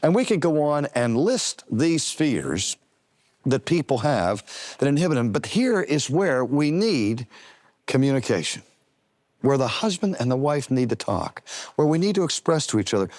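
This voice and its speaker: Older man preaching with lively pitch. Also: normal speed, dry recording, clean studio sound. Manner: earnest, emphatic, draws out key words. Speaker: preacher and teacher. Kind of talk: sermon-style lecture.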